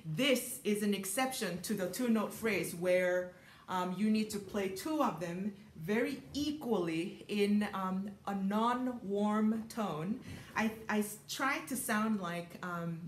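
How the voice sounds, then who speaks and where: A woman's voice: mid-range voice, pushed and bright, a little hiss or hum. Woman pianist teaching, roomy sound. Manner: thoughtful, many ums, sings rhythms aloud. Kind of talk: piano masterclass explanation. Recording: roomy echo with piano playing.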